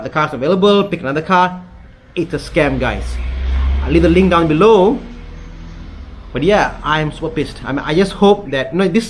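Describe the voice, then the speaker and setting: A man from Malaysia, a car vlogger, talking straight to camera in an agitated, repetitive way with plenty of fillers. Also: fairly high pitch. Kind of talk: angry direct-to-camera vlog.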